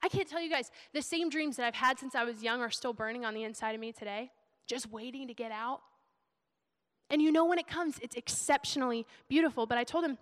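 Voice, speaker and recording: A woman's voice: high-pitched, a little fast, fairly bright tone. A young woman giving a sermon in a chatty, emotional way. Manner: emotional, chatty, laughing preacher. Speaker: preacher. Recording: long hall reverb.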